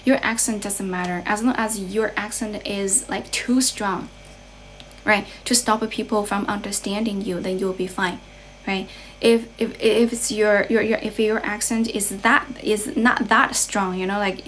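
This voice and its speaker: A woman's voice: mid-range voice, slight background noise, rough recording. A young woman from China with a Chinese accent, chatting casually on a livestream as an English tutor, thanking viewers and patiently explaining with a lot of "right?".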